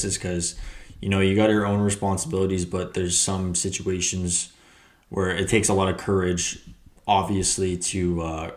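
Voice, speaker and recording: A man hosting a reaction video, commenting casually and haltingly, often searching for words. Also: sits low.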